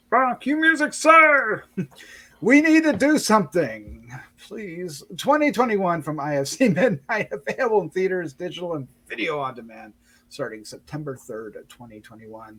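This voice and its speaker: High-voiced playful male host. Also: a bit bright. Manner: playful, chuckling, stumbles on words. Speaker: podcast host. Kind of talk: casual review show hosting.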